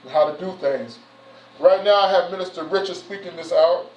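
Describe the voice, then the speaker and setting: A man's voice: high-pitched, brisk, a little mellow. A man speaking as a church elder in an informal, folksy address, repeating himself and saying "you know" and "man" often. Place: church hall. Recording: roomy, distant, dull sound.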